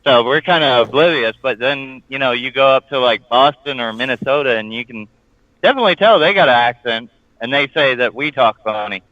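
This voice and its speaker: An easygoing Southern US man talks in a bright, forward voice on a dry, dull lo-fi call-in line. He chats at a relaxed, measured clip with a mildly joking streak. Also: medium pitch, dry recording. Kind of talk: casual podcast chat.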